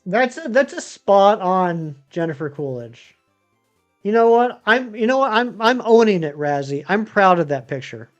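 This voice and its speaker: High-voiced chatty man streaming. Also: big pitch swings, normal speed, muffled recording, faint music behind. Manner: rambling, chatty, many ums and uhs. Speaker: game streamer. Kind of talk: casual live-stream chat answering viewers.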